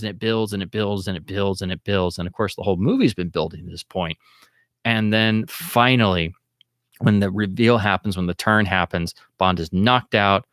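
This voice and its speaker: A man with a low-pitched voice talks through film history on his livestream, casual and excitable. He jumps up high when he acts out an audience's alarm, and the sound is dry and close. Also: smooth, no room sound. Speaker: livestream host.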